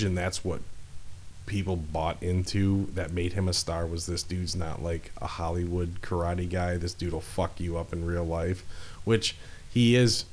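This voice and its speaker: Deep-voiced man in profane casual chat. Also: darkish tone, a little hiss or hum. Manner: profane, rambling, laid-back storytelling.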